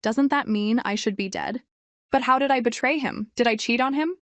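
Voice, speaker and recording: A woman's voice: normal speed, dry recording, lightly acted. A woman doing a feisty young amnesiac wife. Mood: puzzled. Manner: indignant, higher and brighter than narration. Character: feisty young wife who lost her memory. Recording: dry, music faint behind.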